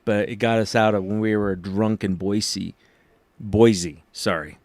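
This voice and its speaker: A man hosting a podcast, chatting casually and animatedly, acting out quoted lines in a higher voice. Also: moderate pace, no room sound. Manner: animated storyteller, acts out quotes in a high voice. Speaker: podcast host. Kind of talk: casual chat.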